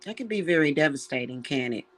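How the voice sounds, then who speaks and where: A woman's voice: deep voice, lively intonation, fast talker, a bit bright. A woman speaking as a practicing witch to her audience, earnest and emotional. She sounds close to crying and talks in a casual, heartfelt way, often turning to her viewers as y'all. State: close to tears. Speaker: witch and spiritual reader. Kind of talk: casual spiritual talk to viewers.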